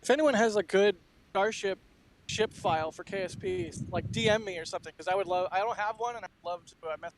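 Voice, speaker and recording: High-voiced casual young-sounding co-host man. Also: a little fast, a little hiss or hum, poor audio. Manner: loose and informal, self-deprecating. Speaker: co-host on a panel. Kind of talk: casual live-stream chat.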